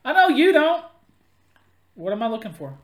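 A man's voice: very high-pitched, big pitch swings, moderate pace. A man co-hosting a podcast, trading crude, joking banter while watching wrestling. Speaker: podcast co-host. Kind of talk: casual chat watching wrestling. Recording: roomy echo.

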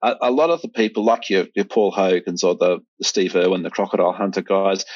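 A middle-aged man with an Australian accent talks in a relaxed, rambling way, restarting sentences often. His voice sits very low and sounds husky. The recording is dry and lo-fi. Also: quick pace, hardly any pauses, no echo. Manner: rambling, many restarts and fillers. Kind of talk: casual conversation. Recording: dull, lo-fi sound.

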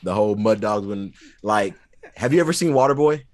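A man co-hosting a podcast, chiming in with animated, enthusiastic remarks. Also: on the low side, brisk. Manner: animated, enthusiastic, brief interjections. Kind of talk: casual podcast chat.

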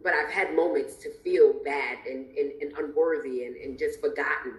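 A woman's voice: low-pitched, fairly even intonation, moderate pace. A woman hosting a podcast interview, talking expressively and emphatically and laughing often. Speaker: podcast host. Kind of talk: casual interview chat. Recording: roomy echo.

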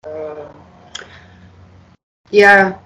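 A guest from the Netherlands, telling stories in a casual, halting way, full of fillers and swearing. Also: mid-range voice, fairly even intonation, sharp tone, poor audio. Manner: rambling, halting, many fillers, swears freely. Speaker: interview guest. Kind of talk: casual storytelling.

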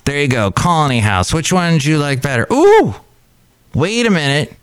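A man's voice: normal speed, over loud music. Chatty man hosting a podcast. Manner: rambling, chatty, excitable jumps in pitch. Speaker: podcast host. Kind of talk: casual solo podcast chat. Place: cafe.

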